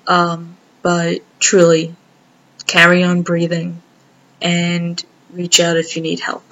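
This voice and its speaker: Slow, gentle woman with a flat, low voice. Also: highs cut off. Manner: gentle, earnest, halting with many pauses. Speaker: vlogger. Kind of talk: heartfelt direct-to-camera message.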